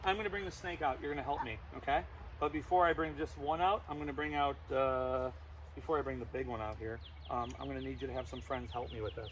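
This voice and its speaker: A man's voice: medium pitch, steady tone, fast talker, a bit bright, slight background noise. A man presenting a live animal show to kids, playful and teasing.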